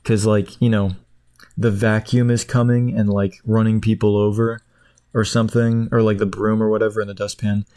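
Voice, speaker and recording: A man rambling through the plot of a movie while clicking away, jumping into high squeaky voices for the characters. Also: little pitch movement, normal speed, mellow, smooth. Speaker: streamer. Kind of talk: casual chat while clicking.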